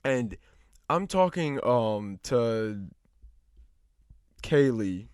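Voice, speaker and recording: A man's voice: mid-range voice, lively intonation, very slow, a little mellow, clean tone, no room sound, clean studio sound. A young man co-hosting a podcast, telling a story casually, with lots of fillers and dramatic retellings. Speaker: podcast co-host.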